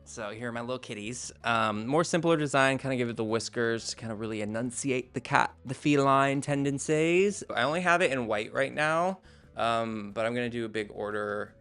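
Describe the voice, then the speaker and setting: Laid-back gravelly man showing off crafts. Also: mid-range voice, normal speed, fairly bright tone, faint music behind. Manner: laid-back, rambling, self-deprecating, many fillers. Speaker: crochet maker presenting his handmade shop. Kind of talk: casual vlog show-and-tell. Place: indoor room at home.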